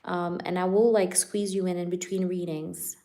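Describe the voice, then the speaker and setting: A woman with a slightly low voice runs a casual live tarot reading. She chats loosely with her viewers, laughing often and filling her speech with "like" and "you know." When she asks the spirits for cards, her voice drops softer. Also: flat delivery, normal speed. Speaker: tarot reader hosting a live stream.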